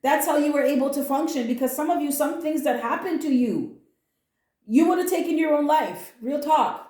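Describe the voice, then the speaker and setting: A woman's voice: high voice, animated, moderate pace, mellow, echoey room. A woman giving a casual spoken tarot reading, earnest and comforting, emotional at times and blunt with slang. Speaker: tarot reader.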